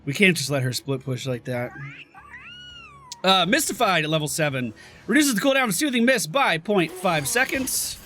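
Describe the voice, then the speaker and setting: A man's voice: sits high, animated, moderate pace, pushed and bright, soft background music. A man giving casual let's-play commentary, chatting through the abilities as he plays and reacting to the action. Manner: chatty, explains abilities while playing. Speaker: gameplay commentator.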